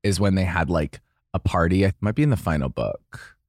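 A man's voice: low voice, lively intonation, a little fast, a little mellow, no room sound, clean studio sound. A young man co-hosting a podcast in casual chat, rambling and laughing often as he tells stories. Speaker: podcast co-host.

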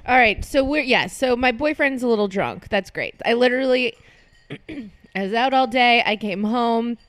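A woman's voice: fairly high pitch, lively intonation, normal speed, a bit bright, no echo. A woman in her thirties hosting a podcast from her apartment, chatting casually, laughing and swearing freely. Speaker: podcast host. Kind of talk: casual chat.

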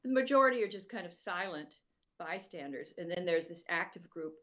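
A woman's voice: fairly low pitch, animated, a little fast, a bit bright, highs cut off. A woman guest on a talk show, speaking earnestly with frequent restarts and a wry laugh. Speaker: interview guest.

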